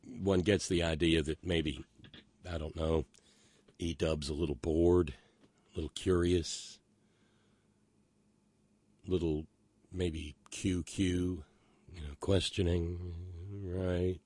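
A man's voice: low voice, fairly even intonation, slow, pauses often, darkish tone, no echo. A man hosting a podcast, giving sardonic, profane political commentary that rambles with many restarts. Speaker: podcast host.

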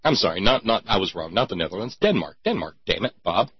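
A man's voice: lowish voice, sing-song, fast, husky, no echo, lo-fi sound. A man delivering a sarcastic, mocking commentary monologue with theatrical emphasis.

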